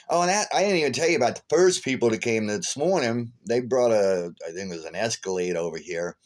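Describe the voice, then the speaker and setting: A man with a lowish voice tells a story in casual vlog style, meandering and full of fillers. He sounds tired and chuckles his way along. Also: expressive, fairly quick, hardly any pauses. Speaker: vlogger.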